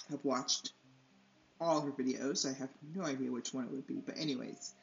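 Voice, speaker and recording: A woman artist chatting casually as she paints, rambling and losing her train of thought, laughing often, a little stuffy from allergies. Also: deep voice. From United States. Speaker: artist and channel host. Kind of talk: casual chat while painting. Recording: slightly dull, roomy, faint music.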